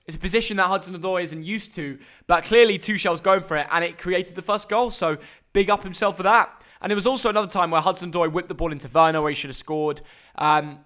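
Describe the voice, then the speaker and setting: A young man hosting a live football reaction stream, chatty and energetic. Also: a little high.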